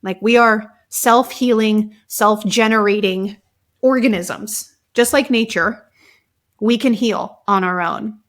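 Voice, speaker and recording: A woman guest and author talking casually in an interview, telling stories in a lively way and filling her speech with "like". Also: medium pitch, takes it slowly. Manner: animated storytelling, many fillers like "like". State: emotional at times. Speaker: guest, author and somatic practitioner.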